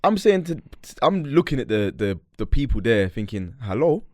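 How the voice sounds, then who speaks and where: A man's voice: medium pitch, normal speed. A young man, co-hosting a casual podcast with a friend. His voice swings up and down as he tells the story and acts out each line people said. The sound is close and dry, with no room echo. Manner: animated storyteller, acts out quotes, London slang. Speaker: podcast co-host. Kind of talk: casual banter between friends.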